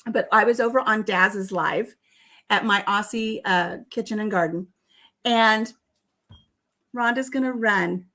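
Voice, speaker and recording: A woman's voice: mid-range voice, a little slow, pauses often, bright, forceful tone. A woman hosting a casual home vlog, chatting and telling stories with a lot of laughter. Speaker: vlog host. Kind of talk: casual chat while tasting tea.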